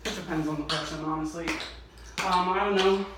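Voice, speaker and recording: A man's voice: on the high side, fairly even intonation, a little fast, very noisy. A man giving a casual, rambling tap tutorial at home, self-mocking and swearing often. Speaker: tap dancer teaching. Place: home garage. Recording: echoey garage with loud tap clatter. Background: tap shoe clicks on floor.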